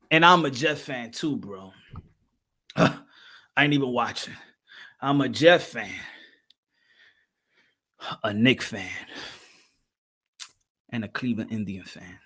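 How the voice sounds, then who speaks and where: Man, podcast host, casual livestream chat, very lively pitch, repetitive, talks to viewers. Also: takes it slowly, long pauses, breathy edge. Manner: animated, repeats himself, addresses the chat.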